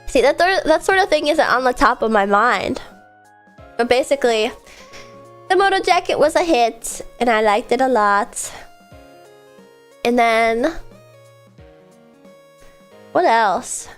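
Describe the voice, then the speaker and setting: A woman's voice: fairly high pitch, lively intonation, takes it slowly, long pauses, a bit bright, faint music behind. A young woman streaming casually, rambling about her day and answering chat messages as they come in. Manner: rambling, chatty, reads chat aloud and answers it. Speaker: VTuber streamer.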